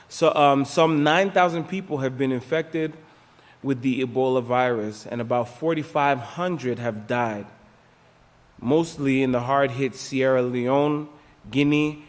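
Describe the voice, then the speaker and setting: A man reading out a news report to a religious class and explaining it, halting and repeating himself with many fillers. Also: mid-range voice. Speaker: class teacher. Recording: reverberant hall, voice at times off-mic.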